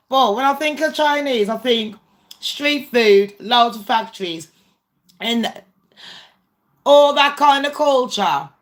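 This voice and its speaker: A woman's voice: on the high side, lively intonation, takes it slowly, long pauses. A British woman hosting a casual livestream chat with viewers, talking bluntly, swearing and rambling. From Britain. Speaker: channel host.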